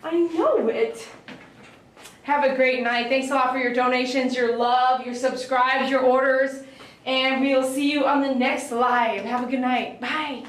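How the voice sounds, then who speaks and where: This dog groomer and channel host live-streams from her salon, cooing baby-talk praise at a dog as she grooms it. Her high voice has a level tone, a moderate pace, and a slightly bright quality. The room is echoey and the mic is some way off.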